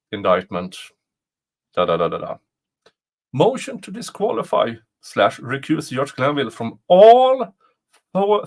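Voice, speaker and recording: A man hosting a casual livestream, reading aloud and chuckling often at his own jokes. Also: medium pitch. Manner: chuckles often, jokey asides. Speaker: livestream host commenting on a trial. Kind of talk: casual live commentary.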